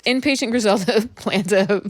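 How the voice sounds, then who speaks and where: A woman's voice: mid-range voice, normal speed, no echo, clean studio sound. Loopy, laughing woman podcast co-host. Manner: loopy, laughing, sarcastic asides. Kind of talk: casual book chat.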